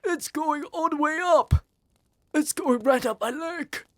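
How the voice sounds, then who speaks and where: A man voicing a panicking male kitchen cook who yells in alarm. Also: very high-pitched, unhurried, no echo, pitched above the performer's own voice. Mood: panicked yelling. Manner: yelling in panic.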